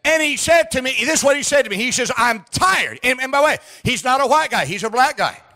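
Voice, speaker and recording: Preacher guy, real high pitched, shouts a lot, stumbles and restarts. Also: animated, fast. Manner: emphatic preaching with frequent restarts, bursts of shouting. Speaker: pastor. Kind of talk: sermon. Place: church sanctuary.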